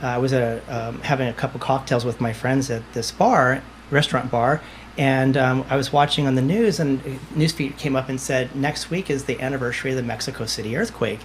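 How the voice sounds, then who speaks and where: A man's voice: medium pitch, fairly even intonation, brisk, slight background noise. A man, a medium guest on a podcast, answering in a confident, emphatic storytelling way and often repeating phrases for emphasis. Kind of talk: conversational interview answers.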